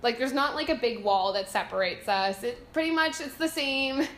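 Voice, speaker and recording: A woman's voice: fairly high pitch, expressive, moderate pace, fairly bright tone, slight background noise. A young Canadian woman with a Canadian accent, chatting casually and giggling as she answers viewer questions about her home country. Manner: chatty, giggly, self-deprecating. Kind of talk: casual chat. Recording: echoey room.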